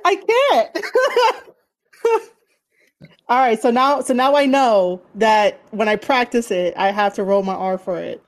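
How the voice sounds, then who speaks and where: A woman's voice: mid-range voice, normal speed, few pauses. A woman hosting a casual interview, rambling with many fillers and easy laughs. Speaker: interviewer, podcast host.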